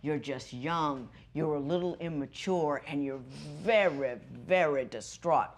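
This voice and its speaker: A woman presiding as a judge on a courtroom TV show, lecturing emphatically and swinging from loud to hushed. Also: deep voice, measured pace.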